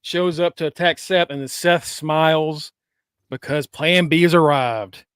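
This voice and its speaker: A man's voice: on the high side, steady tone, unhurried, fairly bright tone, clean tone, dry recording, clean studio sound. A man hosting a casual podcast, bantering and laughing with co-hosts. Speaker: podcast host.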